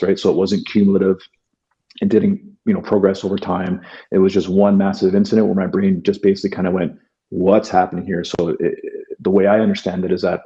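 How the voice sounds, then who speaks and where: Podcast guest, man from Canada, low warm voice, halting and earnest, dull lo-fi recording. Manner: earnest, halting, many fillers and restarts. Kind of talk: reflective interview talk.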